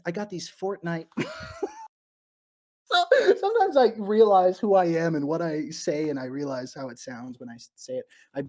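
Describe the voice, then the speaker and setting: His voice is on the high side and warm as he laughs his way through viewer questions on a YouTube livestream from an abandoned morgue. The man comes across as nervous, rambling, giggly and self-deprecating toward his fans.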